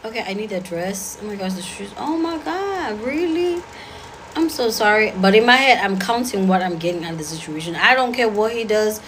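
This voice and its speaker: A woman talks straight to a live audience, blunt and sassy, firing off her dating rules. Her voice sits at an everyday middle pitch. A faint hum of noise hangs behind her. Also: fairly bright tone, poor audio. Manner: blunt, sassy, rapid-fire. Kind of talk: casual talk to an audience.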